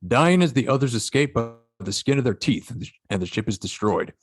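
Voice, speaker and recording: A man narrating stage directions for a fan-written sci-fi script in a steady, matter-of-fact way. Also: medium pitch, fairly quick, dry recording. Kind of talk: reading a fan script aloud.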